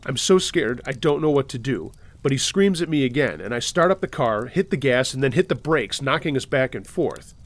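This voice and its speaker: A man hosting and reading submitted true scary stories aloud, steady, with dry sarcastic asides. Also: mid-range voice, moderate pace, hardly any pauses. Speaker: host and narrator.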